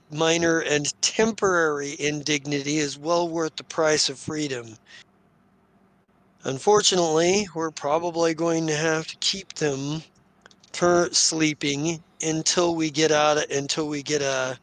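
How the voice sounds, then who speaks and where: A man's voice: a little high, a bit bright, no echo. A man voicing a formal, cautious rebel leader in a tabletop game. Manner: formal and measured.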